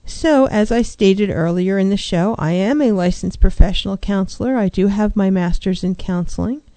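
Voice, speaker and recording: A woman's voice: medium pitch, moderate pace, warm tone, dry recording. A middle-aged woman, a licensed counselor hosting a show, giving earnest advice and acting out clients' voices. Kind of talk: talk show monologue.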